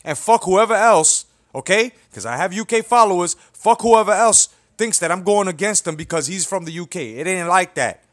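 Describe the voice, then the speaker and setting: A man's voice: high-pitched, lively intonation, moderate pace, few pauses. A young man who hosts a boxing commentary channel, delivering a blunt, heated, profanity-filled rant that keeps checking in with "you know what I'm saying". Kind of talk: profane ranting opinion video.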